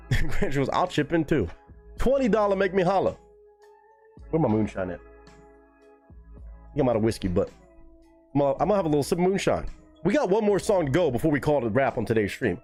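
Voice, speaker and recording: A young man hosting a live music reaction stream, talking casually and excitedly to his chat with plenty of swearing. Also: on the high side. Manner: excitable, profane, talks straight to chat.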